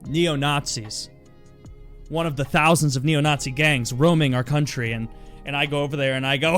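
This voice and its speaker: Podcast host, fairly high-pitched man, deadpan joker, faint music underneath. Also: moderate pace. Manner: deadpan storytelling, breaks into laughs. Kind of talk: casual podcast banter.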